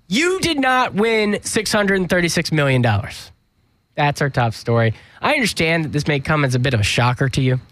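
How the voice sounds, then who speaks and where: A man's voice: a little high, fairly bright tone, dry recording. A young man hosting a comedy news segment, sarcastic and joking, often stumbling and restarting his sentences. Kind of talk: mock news comedy monologue.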